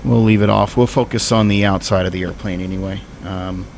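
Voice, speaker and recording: A man's voice: fairly low pitch, fairly even intonation, fairly quick, gravelly, a little mellow, slight background noise. A man streaming a flight simulator, thinking aloud in casual, rambling commentary.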